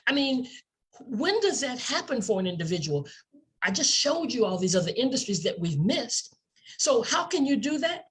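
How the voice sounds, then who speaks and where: Female presenter, lively swooping delivery, husky edge, hard-sell enthusiasm, rhetorical questions. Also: a little high, moderate pace. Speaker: company presenter. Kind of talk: sales pitch presentation.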